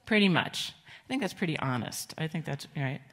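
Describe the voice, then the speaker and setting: A middle-aged woman pastor giving a children's sermon in a church, gentle and conversational, asking the children questions. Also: low voice, expressive, normal speed. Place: church sanctuary.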